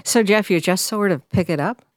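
A woman's voice: medium pitch, moderate pace, no room sound, clean studio sound. A woman hosting a radio interview, asking the band direct, friendly questions.

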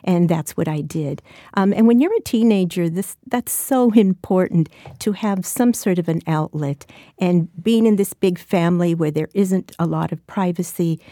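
A woman's voice: lowish voice, moderate pace, dark tone, no room sound, studio quality. A woman in her sixties, an author being interviewed, who speaks reflectively with frequent restarts. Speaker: author and guest. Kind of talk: interview conversation and reading.

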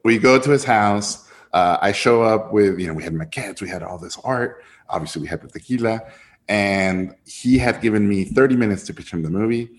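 A man, a filmmaker guest telling an animated anecdote and jumping high in pitch when he quotes others. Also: brisk. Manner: lively storyteller, jumps high when quoting others.

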